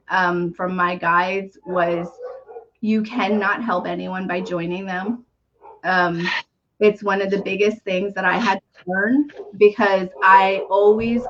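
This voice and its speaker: A woman hosting a live numerology reading, talking gently and earnestly with soft fillers and small laughs. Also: mid-range voice. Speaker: numerology reader and podcast host. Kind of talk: live reading on a video call. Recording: dull lo-fi stream audio.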